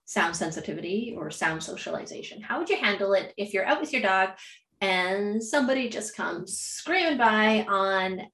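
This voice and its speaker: A woman with a mid-range voice, heard with a roomy echo around her. She talks in a measured, orderly way as she lays out her plans, and she laughs easily. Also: medium pitch, lively intonation, fairly bright tone. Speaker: dog trainer, co-host. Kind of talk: casual explanatory chat.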